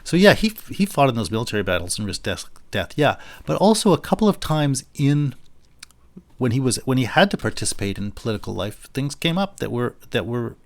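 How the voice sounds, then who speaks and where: A male philosophy lecturer giving an unscripted university lecture, thinking aloud and paraphrasing a text in a lively quoting voice. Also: medium pitch, brisk. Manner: thinking aloud, with frequent restarts and fillers.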